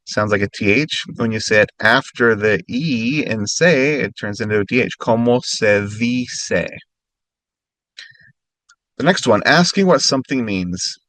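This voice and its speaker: A man teaching phrases as a language lesson, speaking slowly and carefully and repeating each phrase more slowly. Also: fairly low pitch, animated, a bit bright, no room sound. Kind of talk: instructional narration.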